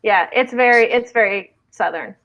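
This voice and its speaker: A woman's voice: fairly high pitch, moderate pace, a bit bright. Chatty woman streamer, lo-fi sound. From American Midwest. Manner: chatty, reads viewer comments aloud. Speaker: livestream host. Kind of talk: casual livestream chat.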